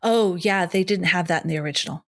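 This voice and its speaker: A woman in her thirties co-hosting a horror movie podcast in casual chat, animated and swearing, acting out characters' lines with big jumps in her voice. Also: on the low side, fast talker. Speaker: podcast co-host.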